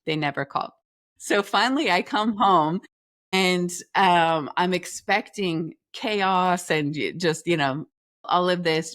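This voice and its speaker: A woman guest on an interview show, telling a personal story in a lively way and acting out the dialogue. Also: lowish voice, takes it slowly, no echo, studio quality. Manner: talks through restarts and filler phrases. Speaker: podcast guest, leadership coach.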